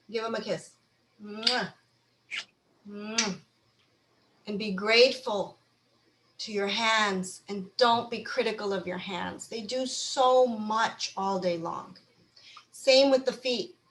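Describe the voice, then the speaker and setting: A woman's voice: a little high, fairly bright tone. A woman leading a mindfulness talk over a video call from a room at home, coaching listeners through small everyday exercises in a conversational way. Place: home room with a blue wall. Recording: roomy echo from a home room.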